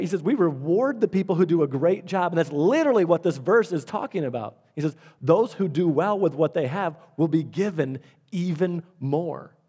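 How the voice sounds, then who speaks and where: With a fairly high-pitched voice and a darkish tone, a man delivers a sermon as a pastor. He weaves in stories with acted-out quotes and returns again and again to his key phrases.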